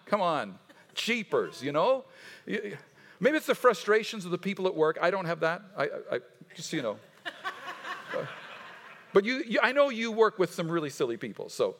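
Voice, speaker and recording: A man preaches a sermon with a high, very lively voice that leaps up and down. He stumbles and restarts often and acts out the voices he quotes, and his words ring out with a long hall reverb behind them. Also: moderate pace, pauses often. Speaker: pastor.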